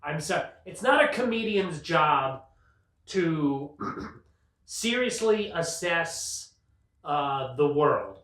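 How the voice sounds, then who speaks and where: A man's voice: on the high side, a bit bright. Rambling sarcastic male comedian, roomy sound. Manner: rambling, sarcastic, laughs at own jokes. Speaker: comedian host. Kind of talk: casual comedic monologue. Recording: roomy sound, mic at a distance.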